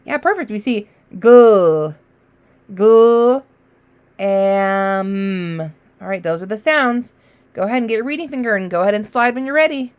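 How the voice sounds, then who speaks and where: A woman teacher giving a children's phonics lesson, encouraging and sounding out letters slowly. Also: a little high, expressive.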